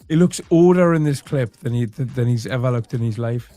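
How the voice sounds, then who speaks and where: A man's voice: medium pitch, a little fast, few pauses, warm tone, a little hiss or hum. A man hosting comedic reaction commentary, chatty with wry asides. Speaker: commentary host.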